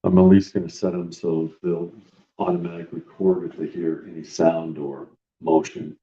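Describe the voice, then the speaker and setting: A man's voice: low voice, level tone, normal speed, mellow, lo-fi sound. A man investigating a house for a live stream, talking to himself as he sets up recording gear. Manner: mutters to himself while setting up equipment. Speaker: paranormal investigator. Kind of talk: casual live-stream chat.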